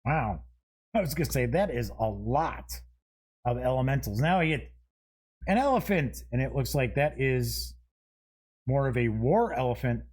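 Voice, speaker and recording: A man's voice: medium pitch, animated, a little slow, pauses often, darkish tone, husky. A man hosting a show, giving casual unboxing commentary. He reads item names aloud one after another with short asides and chuckles at himself. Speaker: show host.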